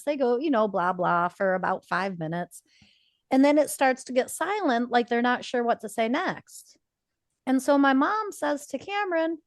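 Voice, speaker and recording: A woman's voice: high-pitched, lively intonation, moderate pace, no room sound, clean studio sound. A woman in her forties co-hosting a podcast, telling a personal story with feeling and acting out quoted dialogue. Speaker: podcast co-host. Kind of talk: casual podcast conversation.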